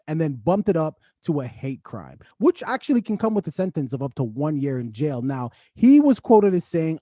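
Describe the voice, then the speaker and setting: Animated man in a dry, close room. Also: sits high, no room sound. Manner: animated, rising to excited outbursts. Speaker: podcast co-host. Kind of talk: casual podcast discussion.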